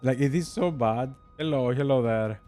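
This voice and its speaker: Soft music plays in the background as this young Greek man, with a Greek accent, streams a strategy game and chats casually, often laughing and addressing viewers as "bro." His medium-pitched voice has a dark tone and a moderate pace.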